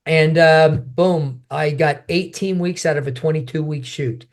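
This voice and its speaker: Animated older man telling a story. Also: a little high, measured pace. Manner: animated storyteller acting out quotes. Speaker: guest, martial artist and actor. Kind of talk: storytelling interview.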